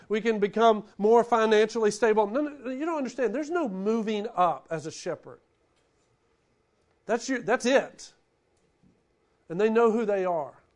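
High-voiced preaching man. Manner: animated preaching, swings from loud bursts to hushed lines. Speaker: pastor. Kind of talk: sermon.

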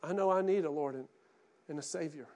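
High-voiced pastor guy preaching, goes quiet then gets loud and fired up. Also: brisk. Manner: impassioned, swings from hushed to loud. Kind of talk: sermon.

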